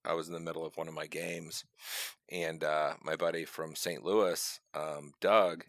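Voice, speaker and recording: A man's voice: rumbling low, a little slow, no room sound, clean studio sound. A man co-hosting a podcast, telling a story in casual chat and acting out what friends said. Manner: animated storyteller, acts out friends' voices. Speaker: podcast co-host.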